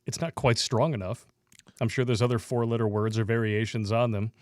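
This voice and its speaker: A man's voice: medium pitch, fairly even intonation, fairly quick, darkish tone, no echo, clean studio sound. A man co-hosting a casual livestream, reading out donations with crude, joking asides.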